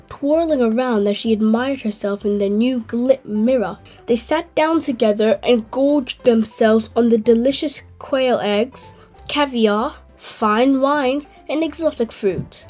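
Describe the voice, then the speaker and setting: A woman hosting a channel and reading a children's story aloud in a gentle, clear way. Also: fairly high pitch. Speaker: host and storyteller.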